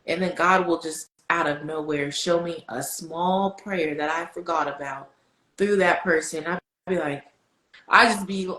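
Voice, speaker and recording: A woman speaking as a podcast guest, telling faith stories in animated casual chat. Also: a little slow. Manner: animated, storytelling, swings high when excited. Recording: echoey room.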